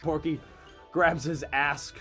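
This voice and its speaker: A man's voice: on the high side, steady tone, slow pace, bright, forceful tone, soft background music. A man playing in a tabletop game, joking with the table. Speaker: player. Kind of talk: casual tabletop game play.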